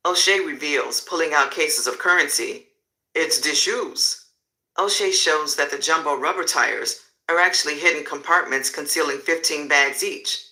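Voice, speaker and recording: A man's voice: a little high, pushed and bright, low-quality recording. A man narrating a crime story live, with vivid descriptive storytelling.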